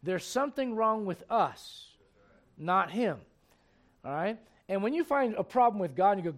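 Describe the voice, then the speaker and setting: A man preaching a sermon, chatty and repetitive with asides to the listeners, swinging from hushed tender passages to loud shouting bursts. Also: sits high, sing-song, normal speed. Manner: repeats words, folksy asides to the congregation.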